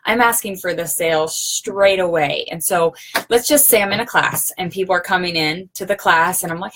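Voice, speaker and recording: A woman's voice: lowish voice, fairly even intonation, normal speed, fairly bright tone, slight background noise. A woman giving a casual sales training talk, conversational, checking in with her listeners often. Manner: conversational, often checks in with "okay?" and "you know".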